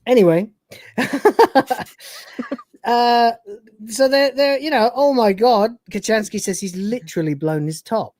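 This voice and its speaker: A man, co-hosting a casual review chat, animated and sweary, acting out lines from the show between laughs. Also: high-pitched, a little slow, pauses often, dry recording, clean studio sound. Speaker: podcast co-host.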